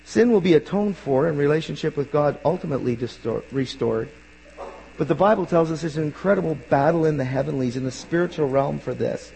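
A male pastor preaching a sermon in an earnest way, rising to emphatic bursts and dropping quiet. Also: a little high, fairly quick, vocal fry, slight background noise. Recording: long hall reverb.

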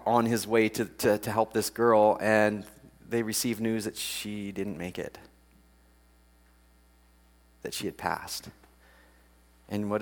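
A man giving a casual, chatty sermon. He laughs often and acts out the people in the story with big jumps in pitch. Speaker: preacher.

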